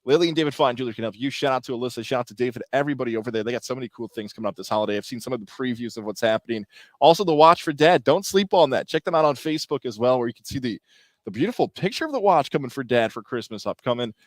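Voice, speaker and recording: Male radio co-host, upbeat ad reader, mid pitch, close dry mic. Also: racing, no room sound. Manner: upbeat, salesy pitch delivery. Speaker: radio show co-host reading sponsor ads. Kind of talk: casual talk and live ad reads. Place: live remote broadcast at a car dealership.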